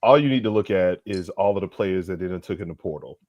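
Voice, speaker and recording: A man co-hosting a casual sports show, reading chat messages and trash-talking in slang. His voice is a bit low, and the sound is close and dry. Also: animated, fast, no room sound, dull audio. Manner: loud laughing banter, slangy trash talk. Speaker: podcast co-host reading the chat.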